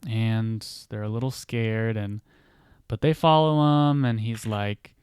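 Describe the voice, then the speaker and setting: A man's voice: lowish voice, steady tone, slow pace, a little mellow, clear, resonant tone, dry recording, clean studio sound. A man hosting a podcast, casually telling a story in a rambling way full of "like" and "you know.". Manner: rambling, filler-heavy, many "like" and "you know". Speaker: podcast host. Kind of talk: casual storytelling of a book idea.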